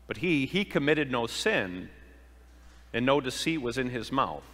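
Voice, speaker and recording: A man's voice: mid-range voice, very animated, unhurried, a bit bright, big-room sound. A man preaching a sermon, earnest, asking rhetorical questions and acting out the quoted lines. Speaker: pastor.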